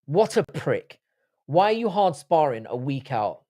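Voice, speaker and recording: A man's voice: a little high, big pitch swings, moderate pace, a little mellow. Sweary ranting man on a livestream. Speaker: livestream host. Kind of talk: live-stream chat reading comments.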